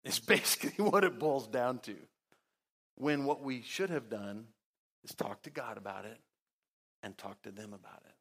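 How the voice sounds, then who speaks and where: Guy preaching a sermon, mid pitched voice, chatty and sarcastic, gets loud and high when he acts stuff out. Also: animated, normal speed. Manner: conversational, sarcastic, acts out quotes; big swings in pitch and loudness. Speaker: pastor.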